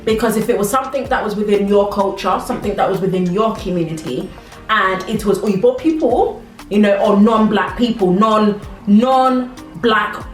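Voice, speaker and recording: A woman's voice: medium pitch, normal speed, distant mic. A young British-born woman chatting casually to camera while eating, laughing often. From Britain. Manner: chatty, laughs a lot, eats while talking. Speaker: vlogger. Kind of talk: casual mukbang chat to camera. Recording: echoey room with faint music.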